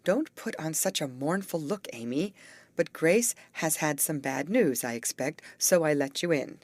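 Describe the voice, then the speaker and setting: A woman voicing a brisk, bossy teenage girl who leads her friends and coaxes them along. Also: deep voice, lively intonation, no room sound. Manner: brisk and coaxing.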